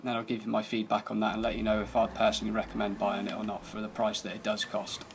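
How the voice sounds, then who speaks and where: A man's voice: on the low side, completely flat delivery, fast, creaky, a little hiss or hum. A man giving casual, laid-back commentary over gameplay, thinking aloud as he drives and tests a car. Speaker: gaming channel host.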